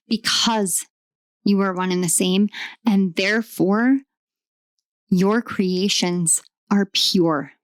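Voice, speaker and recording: A woman's voice: on the low side, no echo, studio quality. A woman doing a tarot card reading, speaking in emphatic, repetitive affirmations. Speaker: tarot reader.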